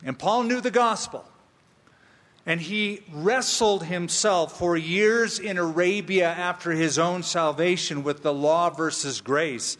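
A man's voice: on the high side, slow, a bit bright. A man pastor preaching a sermon, emphatic and humorous, repeating key phrases for weight. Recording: long reverb of a large hall.

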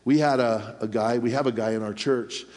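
A man preaching a sermon in a church, telling a personal story in a lively way and chuckling now and then. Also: medium pitch, normal speed. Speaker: pastor. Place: church sanctuary. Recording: long hall reverb.

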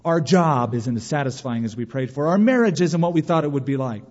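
A man preaching a sermon as pastor, animated, with quick mock quotes of others. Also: a little high, big-room sound, lo-fi sound.

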